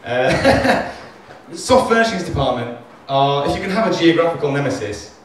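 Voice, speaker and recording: A man's voice: fairly high pitch, very animated, moderate pace, slight background noise. A man doing a stand-up comedy set, rambling, self-deprecating and sweary. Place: comedy club stage. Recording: echoey club, recorded from far off.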